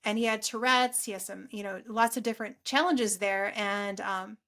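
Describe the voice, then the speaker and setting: A middle-aged woman telling her story as a podcast guest, chatty and animated, acting out quoted lines. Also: mid-range voice, moderate pace. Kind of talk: casual storytelling interview.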